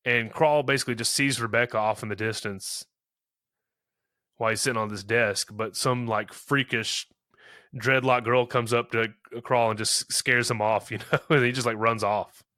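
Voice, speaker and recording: A man in his thirties chats through a movie recap, loose and rambling, scattering fillers and slipping into the characters' lines. His voice is bright and forward. The sound is dry and close. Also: mid-range voice, steady tone, normal speed, no room sound. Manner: rambling, many "you know" fillers, acts out quotes. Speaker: podcast co-host. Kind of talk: casual movie recap chat.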